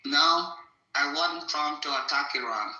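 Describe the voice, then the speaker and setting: A man's voice: fairly high pitch, measured pace, pushed and bright. A man teasing and joking brashly in a casual chat, swearing freely. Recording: roomy echo.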